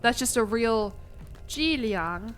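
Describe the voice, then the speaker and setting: A woman's voice: fairly high pitch, normal speed, soft background music. A young woman streaming a game, cursing freely and joking at her own expense. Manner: profane, self-mocking, excitable. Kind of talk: casual gameplay commentary.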